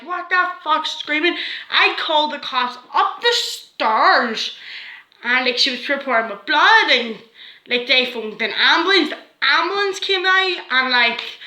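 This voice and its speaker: A woman's voice: high-pitched, bright, forceful tone, roomy sound, rough recording. A woman with a Northern Irish accent telling a story to camera in a rambling, swearing way, full of "like" fillers. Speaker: vlogger.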